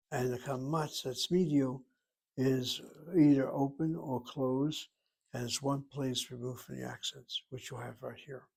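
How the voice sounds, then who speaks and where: A man's voice: mid-range voice, creaky, husky. A man teaching a Hebrew class, lecturing in a precise, explanatory way with digressions.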